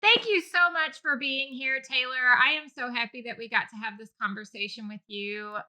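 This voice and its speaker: A woman's voice: high voice, moderate pace, pushed and bright. A woman hosting a podcast, asking questions and teasing her guest in casual chat. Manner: playful, teasing. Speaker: podcast host.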